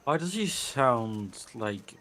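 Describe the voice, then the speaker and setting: A man playing a tabletop game, quick and playful in casual chat at an ordinary pitch. He throws in questions and teasing remarks as the game goes on. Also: very animated, a bit bright. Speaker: player.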